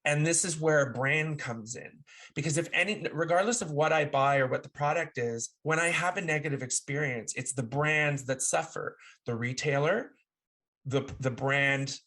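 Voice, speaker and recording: Animated, playful man co-hosting. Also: a little high. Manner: animated, playful, thinks aloud with restarts. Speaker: podcast co-host. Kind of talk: casual conversational podcast.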